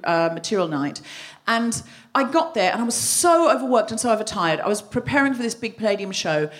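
A woman hosting a live comedy podcast, telling a self-mocking story and acting out her own outbursts before an audience. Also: medium pitch.

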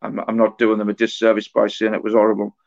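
A middle-aged man and author, a guest on a podcast interview, telling stories in a halting, anecdotal way. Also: on the low side, monotone, creaky. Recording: dull lo-fi podcast audio.

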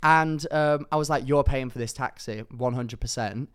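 Smooth-voiced young man telling a story. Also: medium pitch, normal speed. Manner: animated anecdote-telling, acting out quoted lines. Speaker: podcast co-host. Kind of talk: casual storytelling chat.

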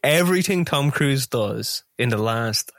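A man's voice: mid-range voice, expressive, a little slow, a bit bright. A man co-hosting a podcast, chatting casually about films with rambling, swearing asides. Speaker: podcast co-host. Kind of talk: casual film podcast chat.

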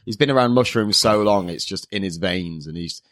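A man's voice: low voice, fairly bright tone, no room sound. Giggly male podcast co-host, dry sound. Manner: giggly, quick to laugh, self-correcting. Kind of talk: casual chat.

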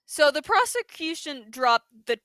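A young woman recaps a television episode for her co-hosts, her voice bright and slightly raised in pitch. She talks in animated bursts, slipping into the characters' lines as she goes. The sound is close and dry, with no room behind it. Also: unhurried, no room sound. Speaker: podcast host. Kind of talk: casual chat recapping a TV episode.

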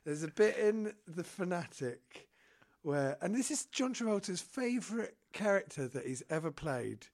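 A man chatting casually as a podcast co-host, his voice a touch high and gravelly with fry. He rambles through excitable stories and laughs as he goes. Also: moderate pace. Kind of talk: casual chat.

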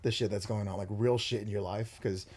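A man's voice: fairly low pitch, steady tone, fairly quick, darkish tone, slightly rough. A young man hosting a podcast, talking earnestly with many fillers and restarts. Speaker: podcast host. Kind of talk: casual chat.

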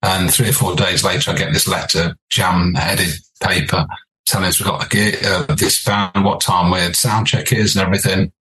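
An older English man, a podcast guest, telling animated anecdotes with laughs and restarts. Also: deep voice, moderate pace, low-quality recording. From England. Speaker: podcast guest, former band leader. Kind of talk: storytelling interview.

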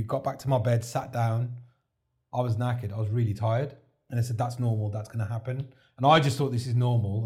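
A man speaks in a medium pitch with a darkish tone as a podcast guest who received a heart transplant. He tells his story chattily in a casual interview, reliving events by performing what others said to him.

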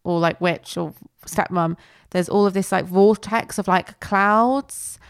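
Woman rambling about a film, gravelly and smooth, dry close sound. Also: medium pitch, unhurried, no room sound. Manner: chatty, rambling with many likes. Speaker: podcast co-host. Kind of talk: casual film review chat.

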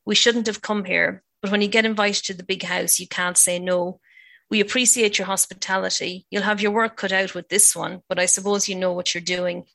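A woman's voice: mid-range voice, flat delivery, moderate pace, creaky, pushed and bright. A woman reading the lines of a bitter, scornful older father in an audiobook-style reading. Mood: curt. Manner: cold, contemptuous.

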